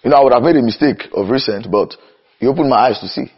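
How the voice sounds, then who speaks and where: A young man preaching a sermon with passion, slowing down to cry out key phrases and then rushing through lists. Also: medium pitch, husky. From Nigeria. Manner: impassioned, swings between slow emphatic cries and rapid runs. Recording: dull lo-fi recording.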